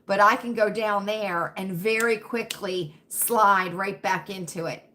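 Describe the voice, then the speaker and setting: A woman from Virginia with a faint Southern accent hosts a casual livestream, reading the chat and talking with viewers, often checking in with "right?" and "you know what I mean?". Her voice is medium-pitched, unhurried, bright and forceful, with slight background noise.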